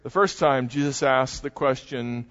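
An older man preaching a sermon and retelling a story with animated, dramatic storytelling. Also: medium pitch, measured pace, creaky. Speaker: pastor. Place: church sanctuary. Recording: muffled, long hall reverb.

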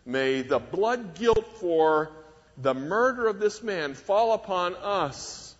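A man preaching a sermon, measured and emphatic, leaning hard on key words with wide rises and drops in pitch and volume. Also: animated. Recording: dull lo-fi recording with long hall reverb.

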